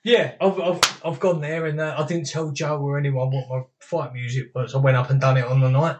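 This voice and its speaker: A man's voice: mid-range voice, level tone, a little fast, a little mellow. A man telling stories in a casual chat, swearing freely and laughing as he goes. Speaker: guest, former boxer.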